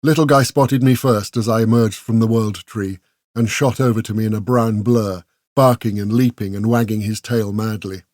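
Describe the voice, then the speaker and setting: A man narrating an audiobook in a measured, scripted reading voice. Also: fairly low pitch, fairly even intonation, a little mellow, no room sound, studio quality.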